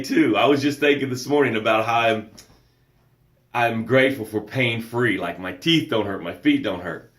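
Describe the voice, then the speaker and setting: A man's voice: mid-range voice, roomy sound. Emphatic man hosting a motivational show. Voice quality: energetic, emphatic, preacher-like delivery. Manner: greets viewers by name and reads their comments aloud. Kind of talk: live-streamed motivational talk.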